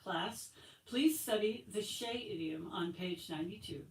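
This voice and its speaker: A woman voicing a prim, patient female high school French teacher, read aloud in an echoey room from far off. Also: unhurried, slight background noise, lightly acted. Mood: prim coaxing. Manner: patient, coaxing.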